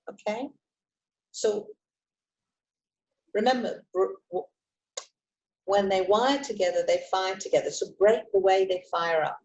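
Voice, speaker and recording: A woman hypnotist and trainer teaching self-help techniques on a video call, expressive and encouraging. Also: fairly low pitch, rough recording. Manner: lively, expressive, encouraging, with frequent asides. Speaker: hypnotist and emotional intelligence trainer.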